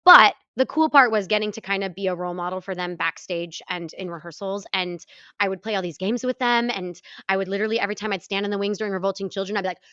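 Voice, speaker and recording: A young adult woman, a stage performer and guest, talking casually with high energy and bubbly laughter. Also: quick pace, sharp tone, clean tone, no echo, dull audio. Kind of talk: casual interview chat.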